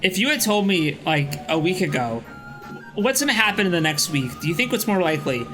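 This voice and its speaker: A man's voice: sits high, big pitch swings, fairly quick, rough recording. A young man hosting a stream, chatting casually and telling a rambling story with restarts and swearing. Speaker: streamer host. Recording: music playing faintly behind.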